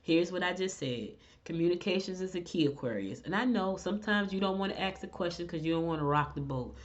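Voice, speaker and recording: A middle-aged woman with a blend of Southern and Northern US accent, hosting and telling stories in casual chat, animated and direct. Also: on the low side, fast talker. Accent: mix of Southern US and Northern US. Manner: animated storyteller, chatty and direct. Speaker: host. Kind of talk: casual chat and horoscope reading. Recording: dull lo-fi recording.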